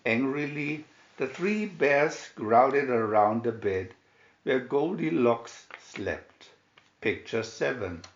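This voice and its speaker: A man reading a fairy tale aloud from a picture booklet, expressive storytelling with announced picture numbers. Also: medium pitch, slow, roomy sound, muffled recording. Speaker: storybook reader. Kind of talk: slow read-aloud fairy tale narration.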